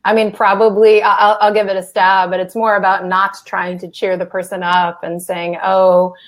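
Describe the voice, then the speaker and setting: A woman's voice: mid-range voice, level tone, moderate pace. A woman co-hosting a live therapy Q&A, speaking in a thoughtful conversational way. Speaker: co-host therapist. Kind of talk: live Q&A chat.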